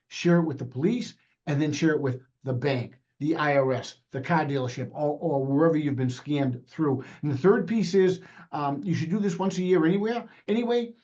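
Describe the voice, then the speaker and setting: Brief: fast, plainspoken man presenting over a muffled video call, slightly high voice. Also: darkish tone. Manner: fast-talking, plainspoken, with many fillers. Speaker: sheriff's department presenter.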